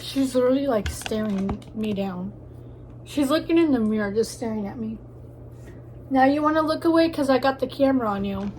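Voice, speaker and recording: A woman's voice: sits high, big pitch swings, normal speed, a little hiss or hum. A young woman in a casual eating vlog, joking and crude, chatting between bites with a stuffy nose from allergies. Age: young adult. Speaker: vlogger. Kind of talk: casual mukbang chat.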